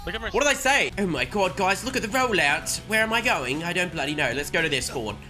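A young man giving joking, excitable gameplay commentary with sudden shouts. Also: high-pitched, fast talker. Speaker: gaming streamer. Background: background music.

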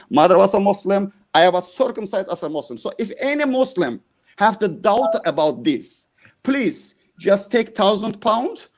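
A high-voiced man, a guest speaker, gives impassioned testimony on a live stream. His fervent speech is halting, full of fillers and non-native grammar, and it turns forceful and mocking.

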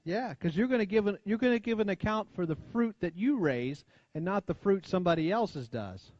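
Briskly and with lively intonation, an American preacher works through a sermon in a church sanctuary, his slightly high voice dulled by a muffled lo-fi recording that is close, dry and without echo. He keeps it conversational, frequently asking the congregation for amens and going low and soft on the lines that matter most.

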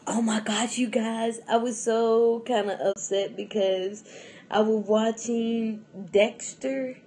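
A woman's voice: fairly high pitch, steady tone, takes it slowly, mellow. A young adult woman vlogging in a casual, rambling chat to camera, full of fillers and restarts and often breaking into laughs.

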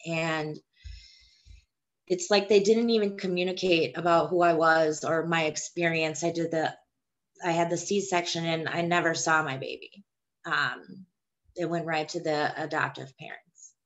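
A young woman with a low, deep-set voice shares her childbirth story as a plain personal testimony. She speaks haltingly and hesitantly, with fairly even intonation.

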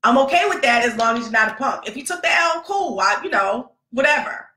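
Woman host, 30s, animated storyteller, bright voice, echoey room. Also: on the high side, fairly quick. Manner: animated, laughing, acts out quotes. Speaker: podcast host, mother. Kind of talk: casual storytelling monologue.

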